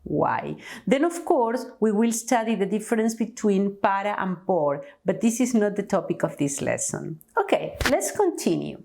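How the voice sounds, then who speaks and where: A woman, a native Spanish speaker from Argentina with an Argentine Spanish accent, teaching a language lesson, saying each word clearly and then translating it. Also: medium pitch, sing-song, normal speed, hardly any pauses, a little mellow. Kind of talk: slow language lesson with examples.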